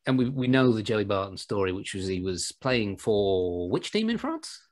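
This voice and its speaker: A man's voice: fairly low pitch, big pitch swings, normal speed. A man co-hosting a podcast, rambling and joking in casual chat with frequent laughs. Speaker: podcast co-host.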